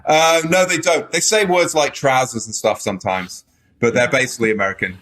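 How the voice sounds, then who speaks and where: A middle-aged British man, an author and journalist, talking in a relaxed, rambling way with many fillers during a podcast interview. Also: medium pitch, a little fast. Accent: British English. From Britain.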